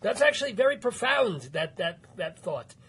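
Male radio host with a husky, high voice. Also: sing-song, a bit bright. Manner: quick reactions, laughing, apologetic asides. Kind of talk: casual interview chat.

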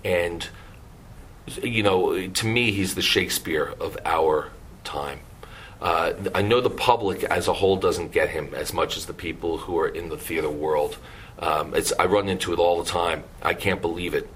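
A man, a composer and producer, telling lively anecdotes as an interview guest and acting out the people he quotes. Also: low voice, moderate pace, slight background noise. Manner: animated anecdotes, acts out quoted voices.

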